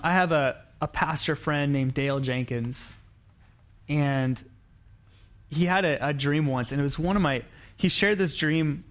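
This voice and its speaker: Man preaching in a conversational way. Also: a little high. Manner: conversational preaching, acts out quoted lines, frequent restarts. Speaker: pastor. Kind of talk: sermon.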